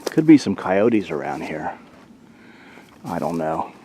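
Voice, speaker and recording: A man's voice: low voice, slow, a little hiss or hum. A man chatting casually to his camcorder while out alone in winter woods by a creek. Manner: relaxed, chatty, talks to the camera. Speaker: outdoor vlogger. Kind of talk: casual solo vlog. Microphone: handheld camcorder mic.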